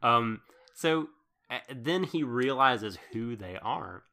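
A man's voice: mid-range voice, animated, slow pace, pushed and bright. A man co-hosting a podcast, recapping a show episode in casual chat, rambling with fillers and laughing often. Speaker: podcast co-host.

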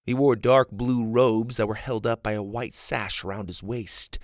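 A man narrating an audiobook in an expressive, unhurried way. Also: mid-range voice, no echo, studio quality.

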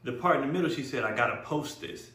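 A man's voice: medium pitch, animated, quick pace, pushed and bright, roomy sound. A man co-hosting a casual podcast, talking bluntly and swearing in exasperation. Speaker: podcast co-host. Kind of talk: casual chat.

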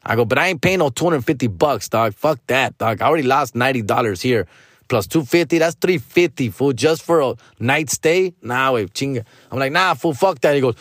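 A man's voice: medium pitch, lively intonation, fairly quick, no room sound. Dude cussing thru a story on his podcast, dry mic, mid voice. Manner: profane, slangy, mixes in Spanish. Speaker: podcast host. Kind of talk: casual storytelling rant.

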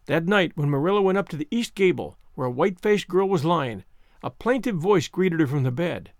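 A man narrating a classic novel as an audiobook in a measured, expressive storytelling manner. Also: a little high, no echo, studio quality.

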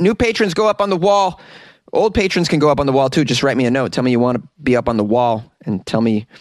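A chatty man hosts his own podcast, reading out listener mail and shouting people out. His voice sits in a middle pitch, and the recording is close and dry with no room sound. He talks loosely, full of "uh"s and small restarts. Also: dry recording. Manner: easygoing, chatty, many fillers and restarts; breaks into laughter. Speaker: podcast host.

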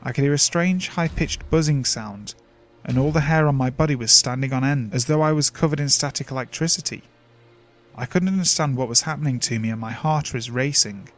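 Male narrator, middle pitch, measured horror-story reading, soft music bed. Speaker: narrator of submitted stories. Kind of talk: scripted narration of horror stories. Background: faint music.

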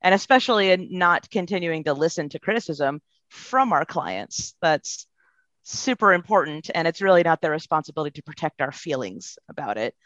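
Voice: mid-range voice, expressive, moderate pace, fairly bright tone, no room sound. Earnest guest on a dull, dry line. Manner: earnest, thoughtful, reflective. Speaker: guest, behavior analysis professional. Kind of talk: podcast interview answers.

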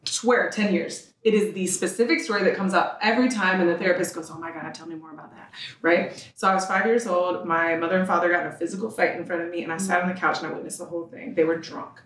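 A woman in her thirties, guesting on a podcast, tells a raw, emotional personal story, acting out the quoted exchanges. Her lowish, slightly bright voice stays fairly even and moves fast with hardly any pauses, and a distant mic gives it a roomy sound.

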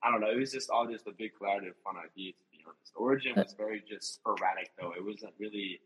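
A man's voice: lowish voice, racing, a bit bright, breathy edge, low-quality recording. A young man and reality show contestant chatting casually in an interview, telling stories in a laid-back way with laughter. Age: young adult.

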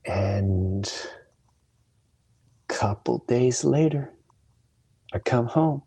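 A man's voice: mid-range voice, expressive, very slow, creaky, dark tone, breathy edge. A man hosting a solo podcast, telling candid, emotional stories full of quoted dialogue. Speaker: podcast host. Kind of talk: solo storytelling monologue.

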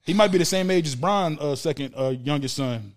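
A man's voice: on the high side, brisk. A man hosting a casual podcast chat, talking emphatically and profanely, often repeating words as he builds a point.

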